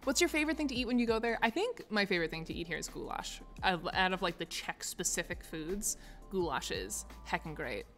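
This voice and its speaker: A woman's voice: lowish voice, big pitch swings, brisk, fairly bright tone, faint music behind. A young woman chatting casually with viewers on a stream, rambling with lots of fillers and frequent laughter. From United States. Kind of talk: casual chat. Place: office.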